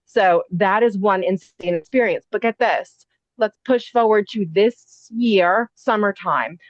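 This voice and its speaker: A woman in her thirties tells her story in an animated, rambling way, piling on fillers and asides. Her voice sits at a middle pitch. The sound is dull and muffled, with no room echo at all. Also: unhurried. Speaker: podcast guest. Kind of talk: casual storytelling.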